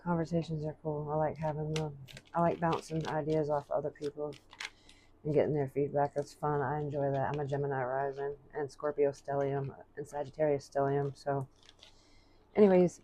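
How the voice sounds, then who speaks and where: A low, mellow-voiced woman gives a relaxed tarot reading, musing aloud between cards. She reads each card's message slowly, with a faint hiss in the background. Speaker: tarot reader.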